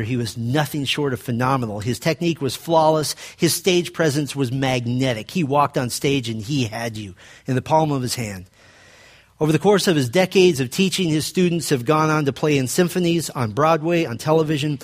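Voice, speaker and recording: A man pastor preaching a sermon, telling a personal story and dropping low and quiet to stress his points.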